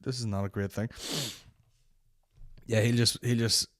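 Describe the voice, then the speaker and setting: Swearing Northern Irish comedy podcast host. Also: male voice, on the low side, unhurried, no room sound, studio quality. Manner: swears constantly, animated impressions of others. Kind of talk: casual comedic storytelling.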